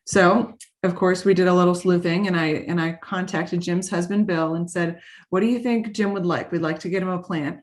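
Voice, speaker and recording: A woman's voice: on the low side, fairly even intonation. A woman, the head of a garden, giving a heartfelt tribute at an annual meeting, with small restarts. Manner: warm, heartfelt, slightly halting with restarts. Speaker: CEO of a garden. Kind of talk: formal meeting tribute speech.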